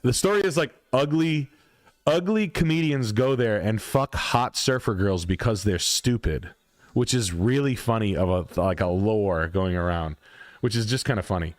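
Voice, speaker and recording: A man's voice: fairly low pitch, animated, normal speed, no room sound. A man hosting a livestream, ranting bluntly and profanely in a casual, emphatic way. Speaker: livestream host.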